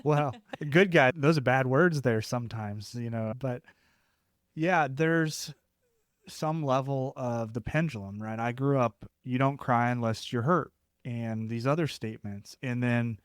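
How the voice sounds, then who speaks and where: A man's voice: medium pitch, a little slow, clear, resonant tone, no echo, studio quality. Reflective young man co-hosting. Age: young adult. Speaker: podcast co-host. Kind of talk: podcast conversation.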